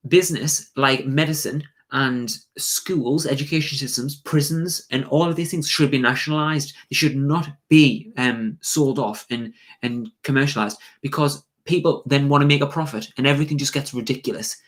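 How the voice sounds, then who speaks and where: A man's voice: medium pitch, normal speed, hardly any pauses. A young man co-hosting a live stream, talking casually and ranting with lots of fillers and opinions. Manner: animated and opinionated, rants with many fillers.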